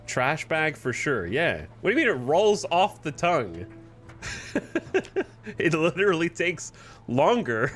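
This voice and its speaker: A man from the United States giving casual, animated commentary as he streams a game and argues with his chat. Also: on the high side, a little slow, soft background music. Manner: animated, argumentative, thinks aloud.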